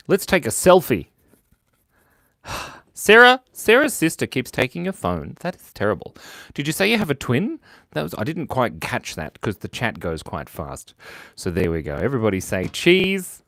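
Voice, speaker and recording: A man hosting a live drawing stream, cheerful and chatty, his voice bouncing up and down in pitch as he thanks viewers one after another. He talks into a clip-on mic, and the sound is dry and close with no room echo. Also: a bit bright. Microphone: clip-on lapel mic.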